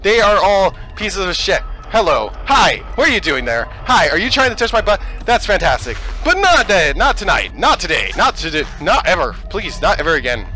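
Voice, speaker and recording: High, bright, excitable gaming man. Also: normal speed, hardly any pauses, soft background music, poor audio. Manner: excitable, swearing, yelling at the game. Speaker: let's play host. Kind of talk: let's play commentary.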